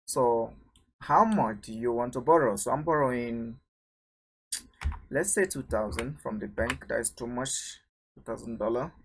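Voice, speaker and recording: Husky-voiced man teaching code. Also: mid-range voice, measured pace. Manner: thinks aloud while typing, asks rhetorical questions. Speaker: programming teacher. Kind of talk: screen-recorded coding tutorial.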